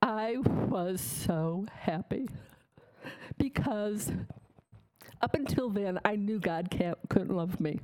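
A woman's voice: mid-range voice, slow pace, warm tone, low-quality recording. A woman giving a candid, plainspoken personal faith testimony to an audience, emotional at times. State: tearful. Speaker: testimony speaker.

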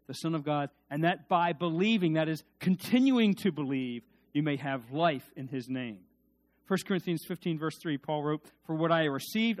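A man preaching a sermon in a conversational way, swinging from quiet asides to loud, emphatic peaks, with restarts and repeated words. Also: fairly high pitch.

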